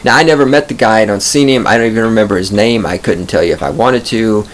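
A fast-talking podcast host with a lowish voice spins a rambling, profane comic monologue in a studio booth, digressing and amusing himself as he tells stories. There's a little hiss or hum on the recording.

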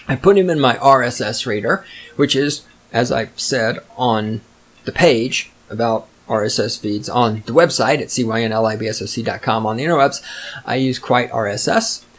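A man's voice: medium pitch, animated, normal speed. A man hosting his own show, ranting solo with constant swearing and biting sarcasm. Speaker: podcast host. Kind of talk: profane solo rant.

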